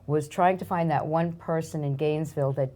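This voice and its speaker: An older woman speaks in a strong New York accent with a low voice. She talks in a chatty, effusive way, and she makes light of herself. She sounds like a relaxed interview guest. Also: a little fast. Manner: chatty, self-deprecating, warm and effusive. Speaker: guest, arts nonprofit marketing director. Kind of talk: casual interview chat.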